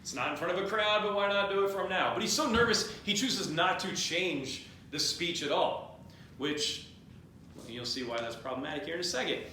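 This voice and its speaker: A man with a bright, forceful voice tells a history story at a party, rambling and joking as he acts out the people in it. The room is very echoey, with faint noise behind him. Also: high voice, a little fast. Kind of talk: comedic drunk history retelling.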